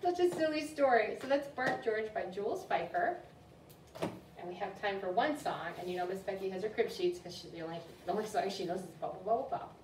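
A woman's voice: medium pitch, expressive, brisk, background noise. A woman children's librarian hosting a story time in an upbeat, chatty way, recorded in a library room. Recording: roomy room, distant mic, faint ambience.

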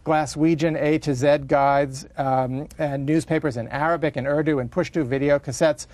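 A man's voice: fairly high pitch, steady tone, normal speed, a little mellow, no echo, natural voice. A man reading as a rambling British housewife. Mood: wry rambling. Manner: ornate run-on monologue with self-interruptions. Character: chatty middle-aged British housewife, rambling.

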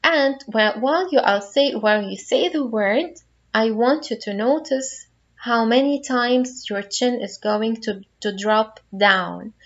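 A woman's voice: a little high, slow, lo-fi sound. A woman teaching a phonics lesson to young children, patiently guiding them through each word step by step.

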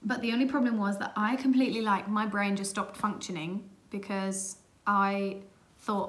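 A woman vlogger telling a travel mishap story in a casual, animated, exasperated way, laughing at herself. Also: medium pitch, normal speed. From England. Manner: animated, exasperated retelling with self-mocking laughs.

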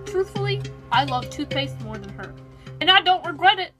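A woman's voice: sits high, big pitch swings, normal speed. A young woman voicing a melodramatic male toy pet addicted to toothpaste, whiny and prone to screaming. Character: frantic toothpaste-obsessed male pet, adult. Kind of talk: toy video skit. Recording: music playing underneath.

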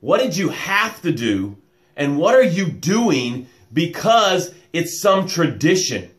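Man with a slightly high voice, coaching breaths. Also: very animated. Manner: calls himself loud and boisterous; slow, soothing breath cues, warm welcomes to viewers. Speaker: motivational coach and show host. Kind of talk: live-stream pep talk with guided breathing.

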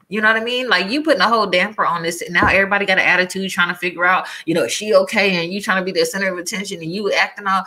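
Bright-voiced woman telling an exasperated story. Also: mid-range voice, rapid-fire, hardly any pauses. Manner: expressive, acts out quotes, exasperated. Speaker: guest. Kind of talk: casual storytelling.

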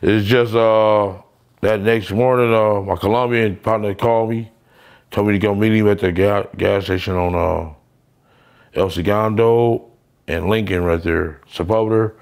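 A man guesting on a casual interview tells stories in a blunt, profane street style, acting out the voices of the people he quotes. His voice is fairly low and steady, with an unhurried pace and a darkish tone.

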